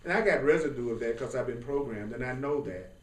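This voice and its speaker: A man giving an informal spiritual class, talking in a lively, colloquial way and often laughing. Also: medium pitch, fast talker. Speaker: spiritual teacher. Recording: roomy sound from a distant mic.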